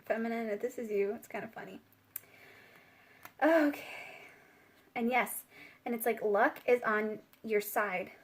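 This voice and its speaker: A woman giving a casual spiritual tarot reading, chatty and giggly, with many fillers. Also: fairly high pitch. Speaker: tarot reader.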